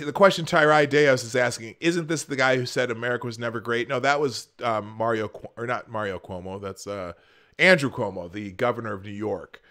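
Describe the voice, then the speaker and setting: A man's voice: mid-range voice, a bit bright. A man hosting a live stream, commenting sarcastically on a political speech and rambling with many restarts and fillers. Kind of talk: casual commentary.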